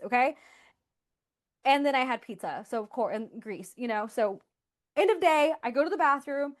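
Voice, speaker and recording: A woman hosting a podcast, telling candid stories in casual chat, full of "like" fillers. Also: sits high. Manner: candid, storytelling, frequent "like" fillers. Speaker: podcast host.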